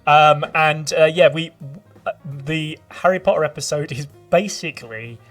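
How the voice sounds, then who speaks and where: A man's voice: fairly high pitch, normal speed. A man co-hosting a casual tabletop gaming podcast, telling stories in a rambling way with frequent laughter. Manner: rambling, laughing, lively storyteller. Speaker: podcast co-host and game master. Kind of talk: casual chat. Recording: distant from the mic with faint music.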